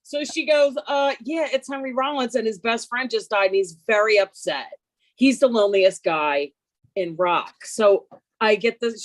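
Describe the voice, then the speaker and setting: A woman in her fifties telling a comic story over a video call, brash, animated and self-mocking. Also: mid-range voice. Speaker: workshop participant.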